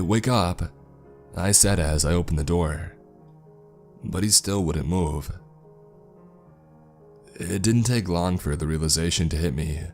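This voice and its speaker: A man narrating a first-person horror story in a slow, somber, scripted way. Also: sits low, a little mellow. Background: faint background music.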